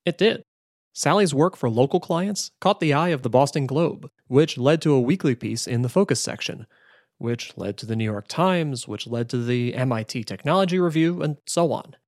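A man's voice: mid-range voice, animated, moderate pace, a little mellow, no echo. Man narrating in a dry, close voice. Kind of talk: scripted narration.

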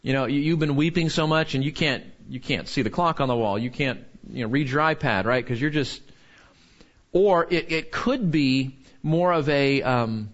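A man preaching a sermon in an earnest way, rising high when he quotes and dropping low when he turns somber. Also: normal speed, highs cut off. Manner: earnest, rises sharply when quoting and falls low when somber. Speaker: pastor.

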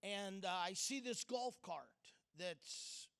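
A middle-aged man giving a sermon, telling a personal story with dramatic pauses and swings from loud to hushed. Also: high voice, gravelly, clean tone. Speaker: speaker.

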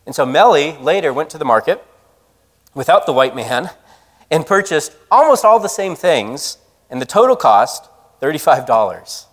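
A man preaching a sermon, telling a story in a lively, conversational way. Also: a little high, normal speed, in a large hall. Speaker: pastor.

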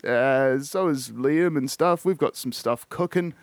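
A man's voice: medium pitch, a little slow, no room sound. Foul-mouthed Australian man rambling. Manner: rambling, swears constantly, trails off with "I don't know". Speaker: podcast host. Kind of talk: casual solo podcast monologue.

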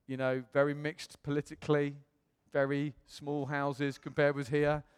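A man preaching, telling a personal story with animated delivery and self-mocking humor, acting out what others said. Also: on the high side, a little slow, clear, resonant tone. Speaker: pastor. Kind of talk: personal testimony sermon. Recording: long reverb in a hall.

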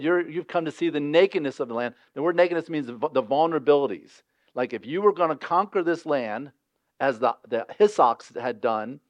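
A man's voice: on the high side, no echo, lo-fi sound. Man preaching a conversational sermon. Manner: conversational preaching, acts out voices of the people in the story. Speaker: pastor.

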